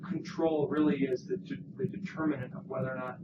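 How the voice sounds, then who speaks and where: A man's voice: mid-range voice, steady tone, brisk. A man in the audience asking a thoughtful question at an academic talk, drawing on earlier research. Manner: thoughtful, referencing literature. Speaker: faculty audience member. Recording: echoey, distant, lo-fi, noisy room.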